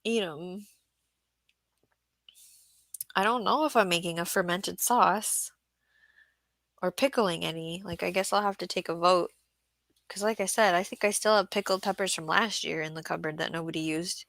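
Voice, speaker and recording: A woman's voice: lowish voice, normal speed, long pauses, fairly bright tone, no echo. A woman hosting a casual livestream about market gardening, chatting and reading viewer comments aloud.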